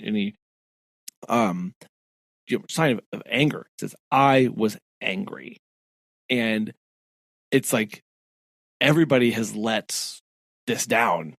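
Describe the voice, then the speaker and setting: A man's voice: on the low side, creaky, no room sound, clean studio sound. A man co-hosting a podcast, chatting casually about a book and acting out character quotes. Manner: animated, acts out character quotes. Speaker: podcast co-host. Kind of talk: casual book-club chat.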